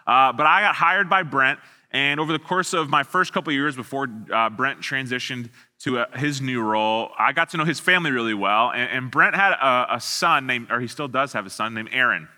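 Student pastor, thirties, man; very bright, forward tone; easygoing, joking sermon delivery with a long echo trailing each line. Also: mid-range voice, fairly quick. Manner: casual, self-deprecating, frequent restarts. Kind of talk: online sermon. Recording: long hall reverb.

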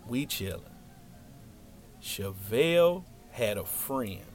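A man's voice: medium pitch, slow pace, faint music behind. A young man telling a funny personal story in casual slang, acting out every line of dialogue. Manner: animated, slangy, acts out dialogue.

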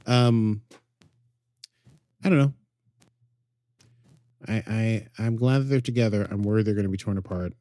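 A man's voice: lowish voice, steady tone, a little slow, pauses often, warm tone, dry recording. A man co-hosting a podcast, rambling playfully with jokey asides. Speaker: podcast co-host. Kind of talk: casual chat.

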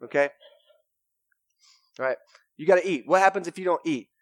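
A young man, preaching a sermon in a casual, energetic way with lots of "right?" and "man". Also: a little high, normal speed, no echo, clean studio sound. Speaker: pastor. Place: church sanctuary.

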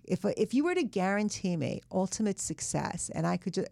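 Gravelly-voiced woman author guest. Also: mid-range voice, big pitch swings, fairly quick, a little mellow, no echo, clean studio sound. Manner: earnest, thoughtful, with fillers. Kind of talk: casual interview chat.

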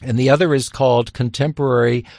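A man answering an interview question, explaining historical events in a measured, explanatory way. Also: mid-range voice, steady tone, vocal fry, a little mellow, no echo, clean studio sound.

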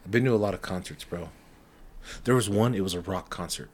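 Young male podcast co-host, slightly low voice, swears constantly, acts out the people in his stories. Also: fairly quick. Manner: profane storytelling, animated impressions. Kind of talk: casual chat.

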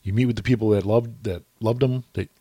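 A man chatting casually as a podcast co-host, relaxed and agreeable, with many short affirmations. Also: fairly low pitch, brisk, husky, no room sound. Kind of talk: casual chat.

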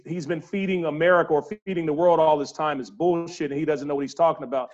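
A man's voice: a little high, steady tone, fast talker, few pauses, highs cut off. A man hosting a casual talk show, blunt and profane, laying out hypotheticals to his co-hosts. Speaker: host. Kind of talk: casual podcast chat.

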